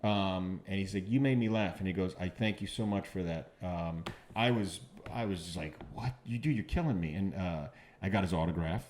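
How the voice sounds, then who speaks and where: A man, a comedian guest on a podcast, telling stories in casual chat, halting and repeating words, lively when he quotes others. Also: low-pitched, slight background noise.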